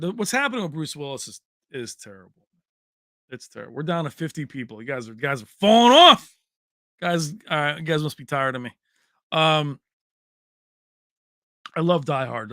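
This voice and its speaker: A man's voice: a little high, pushed and bright, dry recording, studio quality. A man hosting a tech livestream in a casual, chummy way, chatting with viewers and calling them baby. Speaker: tech channel host.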